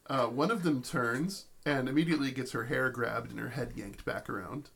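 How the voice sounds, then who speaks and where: A male game master narrates a tabletop campaign in a gravelly, creaky mid-range voice. He stumbles into restarts and fillers as he spins the scene. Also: medium pitch, normal speed, a bit bright. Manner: storytelling with many fillers and restarts.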